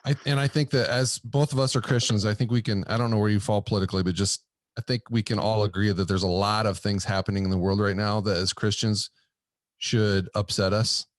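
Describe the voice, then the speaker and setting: Enthusiastic low-voiced male podcast host. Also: steady tone, no room sound, clean studio sound. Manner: enthusiastic, affirming, talks in quick bursts. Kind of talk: conversational interview.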